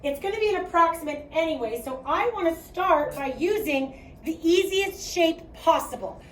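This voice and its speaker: Her voice is extremely high, with lively intonation and a moderate pace. She is a young teacher with a Midwestern Chicago accent, leading a math class in a chatty, projecting lecture and checking in with "okay?" along the way. The echoey classroom is recorded from far off, with slight background noise.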